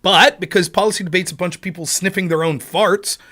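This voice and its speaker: Man, livestream host, casual profane chat, very fast talker, fairly high voice. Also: fairly even intonation, sharp tone. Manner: rapid-fire, profane, bursts into sped-up talk.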